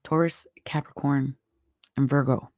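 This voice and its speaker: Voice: mid-range voice, steady tone, a little slow. A tarot reader hosting a live stream, giving chatty, encouraging spiritual advice with a strained, worn-out throat. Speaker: tarot reader and show host.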